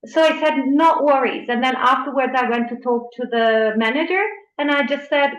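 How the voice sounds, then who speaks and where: High-voiced woman, roomy dull sound. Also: animated, moderate pace. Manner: earnest, quotes her own thoughts. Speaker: student sharing an experience. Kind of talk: personal story in a class discussion.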